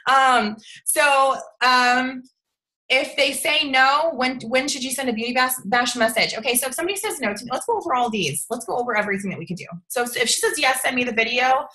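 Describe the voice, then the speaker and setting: A woman's voice: high-pitched, fairly quick, bright, forceful tone, poor audio. A woman giving casual coaching to a sales team over a livestream, chatty and bubbly, often checking in with "okay?".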